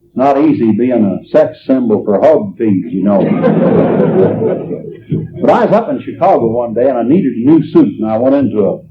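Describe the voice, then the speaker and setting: A man's voice: mid-range voice, animated, normal speed, background noise. A man, telling folksy stand-up stories and chuckling at his own jokes before a live audience. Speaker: comedian. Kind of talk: stand-up storytelling. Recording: dull lo-fi live recording.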